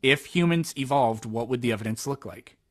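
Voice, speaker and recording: A man hosting an online debate, calm and persistent, repeating his questions. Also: mid-range voice, a little fast.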